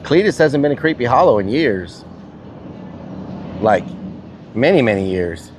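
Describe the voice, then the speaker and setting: A man's voice: medium pitch, big pitch swings, measured pace, slight background noise. A middle-aged man live-streaming while fishing outdoors by a river, chatting casually with his viewers and swearing freely. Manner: blunt, swears casually, answers chat. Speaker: livestreamer.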